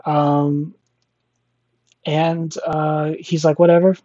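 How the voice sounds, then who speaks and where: A man's voice: fairly high pitch, fairly even intonation, normal speed, mellow, muffled recording. A man casually telling a personal story, rambling with many fillers and restarts. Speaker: storyteller guest.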